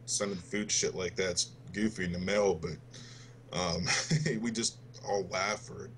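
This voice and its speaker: A man's voice: deep voice, steady tone, takes it slowly, slight background noise. A man in his twenties on a gaming podcast, telling a story to friends in a loose, profane way and laughing as he goes. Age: 20s. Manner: laughs through his story, swears freely. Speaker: podcast co-host.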